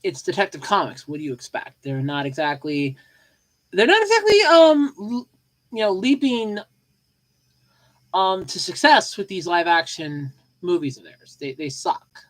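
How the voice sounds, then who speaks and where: A woman's voice: lowish voice, expressive, a little slow, poor audio. A woman hosting a solo podcast in a casual, rambling way, full of fillers and repeated phrases, and sleepy. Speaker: podcast host.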